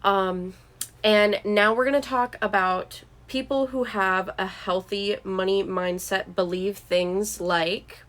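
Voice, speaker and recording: Steady and a bit bright, this young woman's mid-range voice takes its time as she talks to camera about money habits. The vlogger offers casual, earnest encouragement, sprinkled with frequent "like"s and "um"s.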